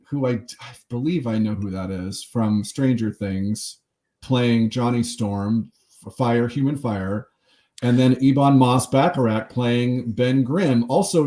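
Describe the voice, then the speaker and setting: A man hosting a casual film podcast, chatty and rambling, with quick asides and laughs. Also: medium pitch, dark tone. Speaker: podcast host. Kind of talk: casual chat.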